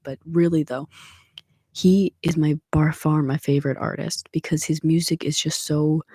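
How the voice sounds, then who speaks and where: Young adult ASMR streamer: dark, husky, soft-spoken, whispery chat. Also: medium pitch, no room sound, clean studio sound. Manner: soft-spoken, drifting in and out of whispers, rambling and emotional. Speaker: ASMR livestreamer. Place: small room at home.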